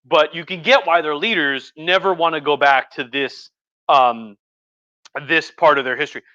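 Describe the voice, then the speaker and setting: A man's voice: on the high side, moderate pace, bright, forceful tone, dry recording, dull audio. A man giving a tipsy, rambling history talk on a live stream. He swears a lot and slips into mocking voices. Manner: profane, rambling, with acted mock voices. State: drinking wine. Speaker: history lecturer. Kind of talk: tipsy casual history rant.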